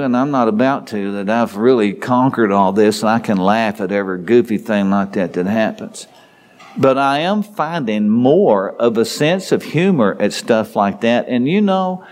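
A middle-aged man preaching a folksy devotional sermon, telling a homely story in a rambling way with many restarts. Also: on the high side.

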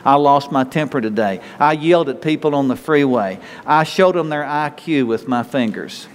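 A man's voice: mid-range voice, animated, normal speed, slight background noise. A male pastor preaching a conversational sermon, with self-talk and quoted prayers, to a church congregation. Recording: long hall reverb.

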